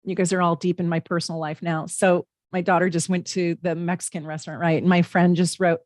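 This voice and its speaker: Speaking fairly quickly with hardly any pauses, this middle-aged astrologer and tarot reader runs a casual live reading from her home. Her fairly low, level voice carries chatty, warm asides and frequent fillers, captured in a dry, clean studio recording.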